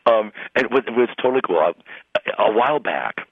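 A man who is a pastor, telling stories in a radio interview with lively retelling of conversations. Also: medium pitch, quick pace, husky, no echo. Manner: animated storyteller, acts out quoted voices. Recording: tinny phone-line sound.

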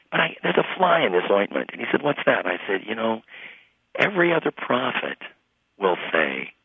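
A man who is a pastor, telling stories in a radio interview with lively retelling of conversations. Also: medium pitch, gravelly, husky, no room sound. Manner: animated storyteller, acts out quoted voices. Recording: tinny phone-line sound.

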